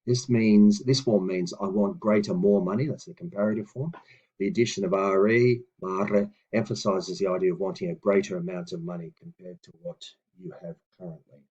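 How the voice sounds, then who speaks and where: A man with a deep, slightly husky voice teaches a lesson, pronouncing each old phrase slowly and deliberately. He talks through his explanations with hesitant fillers. The recording sounds dull and lo-fi, like a home setup. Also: fairly even intonation, a little mellow. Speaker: language teacher. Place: room with books on a table.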